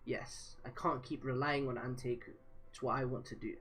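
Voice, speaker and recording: A man reading as a soft-spoken, caring mother. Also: mid-range voice, steady tone, normal speed, a little hiss or hum, natural voice. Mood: resolute. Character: calm, caring mother, resolute.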